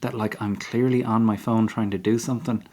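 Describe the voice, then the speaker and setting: Thoughtful Irish man, low voice. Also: steady tone, a little mellow. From Ireland. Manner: measured, reflective explainer. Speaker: comedian guest. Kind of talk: casual interview chat.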